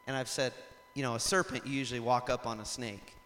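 Bright-voiced preacher in a reverberant hall. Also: male voice, mid-range voice, fast, slight background noise. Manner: animated storytelling, acts out shouts and laughs; rising to loud emphatic preaching. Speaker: pastor. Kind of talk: sermon.

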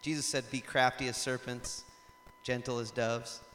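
A man preaching a sermon in a lively storytelling way, rising to loud emphatic passages. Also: mid-range voice, moderate pace, a little hiss or hum. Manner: animated storytelling, acts out shouts and laughs. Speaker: pastor. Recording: long hall reverb.

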